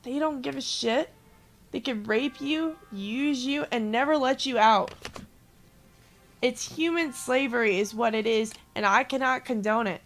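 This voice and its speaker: A woman's voice: on the high side, a little slow. Ranting young woman streamer. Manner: ranting, swearing, rambling. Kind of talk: casual venting to viewers. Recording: noisy background.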